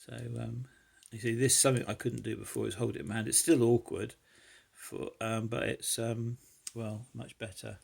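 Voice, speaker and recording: Gravelly man thinking aloud. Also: mid-range voice, flat delivery, normal speed. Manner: hesitant, thinking aloud with many fillers. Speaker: lockpicking hobbyist vlogger. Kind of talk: casual demonstration while picking a lock.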